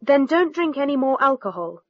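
A woman reading the lines of a patient male family doctor in a textbook dialogue, in a measured, advising way. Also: high-pitched, big pitch swings, no room sound, voice pushed up. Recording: dull lo-fi recording.

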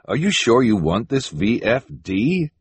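A man voicing a mild, gentle, reluctant middle-aged gentleman who dislikes arguing. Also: mid-range voice, sing-song, measured pace, husky, no echo, voice pushed up, full character voice.

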